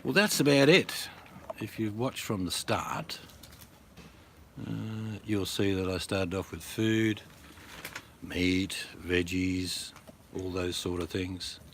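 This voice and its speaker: A man's voice: low voice, takes it slowly, long pauses, slight background noise. A middle-aged Australian man vlogging in a blunt, joking, rambling way. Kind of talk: casual to-camera chat.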